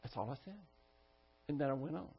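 A man's voice: fairly high pitch, animated, a little fast, gravelly, husky. A male pastor preaching a sermon, telling a story in a firm, instructive manner. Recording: dull lo-fi church recording.

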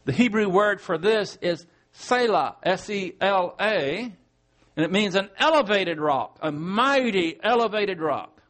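High-voiced man teaching a folksy sermon. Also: fairly bright tone. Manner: conversational, asks rhetorical questions, chuckles while explaining. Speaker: Bible teacher. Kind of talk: verse-by-verse sermon.

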